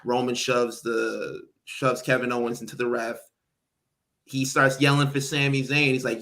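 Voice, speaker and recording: A man's voice: mid-range voice, normal speed. A man co-hosting a podcast in casual chat, animatedly recapping a wrestling match and acting out what people said. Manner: animated recapping, acts out quotes. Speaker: podcast co-host.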